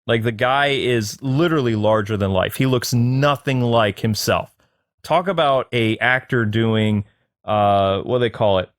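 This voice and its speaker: Male film reviewer, middle pitch, dry close sound, loose chatty delivery with lots of ums. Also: measured pace, dry recording. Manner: rambling, many fillers, excited pitch jumps. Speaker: movie reviewer. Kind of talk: casual spoken review.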